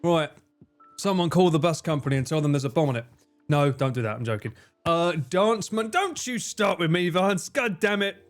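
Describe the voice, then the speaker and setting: A man's voice: on the high side, animated, fairly quick, soft background music. A man hosting a casual livestream, reading viewer messages with lots of swearing and self-mocking jokes. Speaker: livestream host.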